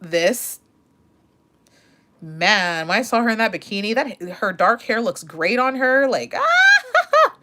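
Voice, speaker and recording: A woman's voice: mid-range voice, unhurried, pauses often, pushed and bright, a little hiss or hum. A young woman chatting casually on a livestream as a pageant commentator, bubbly and gushing.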